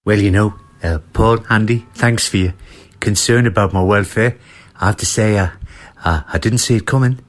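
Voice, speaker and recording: A rambling, deadpan football manager, as a man puts him on for a radio comedy bit. He speaks in a fairly low voice and stumbles through his grand announcement with stops and filler sounds. He keeps a flat, matter-of-fact delivery. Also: moderate pace, natural voice. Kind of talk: comic impression on sports radio.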